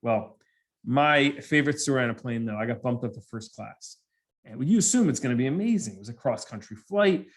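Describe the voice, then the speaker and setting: A man giving a humorous motivational presentation to students, telling lively stories and acting out the people in them. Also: medium pitch, brisk. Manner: animated storyteller who acts out characters. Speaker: motivational speaker.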